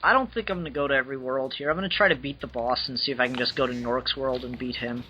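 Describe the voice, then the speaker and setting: A man's voice: mid-range voice, fast talker, sharp tone, muffled recording, soft background music. A man casually commenting on the game he is playing, enthusiastic and plain-spoken with some swearing. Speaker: gamer playing on stream.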